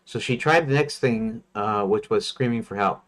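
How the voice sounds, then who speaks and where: A man's voice: lowish voice, moderate pace, a bit bright. A man who develops games, thinking aloud on a livestream and reading his story notes, hesitant and self-questioning. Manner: hesitant, many fillers and restarts, self-questioning. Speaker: game developer streamer.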